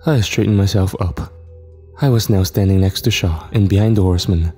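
A man narrating a first-person horror story in a steady, reflective way. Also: low-pitched, brisk, slightly rough. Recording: reverb with faint music.

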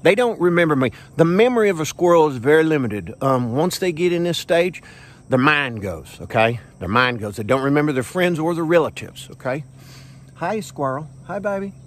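A man hosting a comic vlog outdoors, talking in a folksy, hushed, deadpan way and tagging phrases with "okay?". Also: a little high, a little fast. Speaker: vlog host playing a self-styled squirrel expert. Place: outdoors under a tree on a farm. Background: faint crickets and insects.

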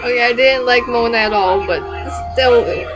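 A young woman chatting excitedly as she reacts to and recaps a TV episode, gushing and exclaiming as she goes. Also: fairly high pitch, moderate pace, over music, poor audio. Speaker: TV reaction vlogger. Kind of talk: casual live reaction and recap.

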